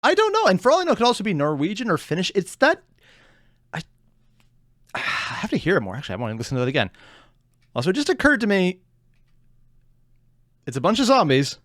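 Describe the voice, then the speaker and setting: A man hosting a reaction channel, giving casual, wry commentary in an animated way. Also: high voice, brisk, pauses often, dry recording, clean studio sound. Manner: animated and wry, often laughing.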